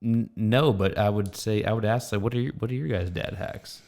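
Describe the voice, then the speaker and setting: A man talking as a guest on a casual podcast, laid back and quick to praise. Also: lowish voice, creaky, a little mellow. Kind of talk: casual chat.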